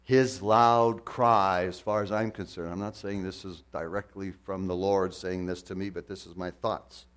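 A man's voice: sits low, little pitch movement, normal speed, smooth. A man preaching a sermon with passion, firing rhetorical questions and repeating phrases for emphasis. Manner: impassioned, swings from loud to hushed, rhetorical questions, repetition.

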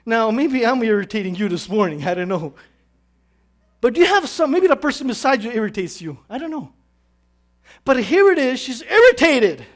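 A woman preaching a sermon in an animated, conversational way, asking her listeners questions. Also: fairly high pitch, moderate pace.

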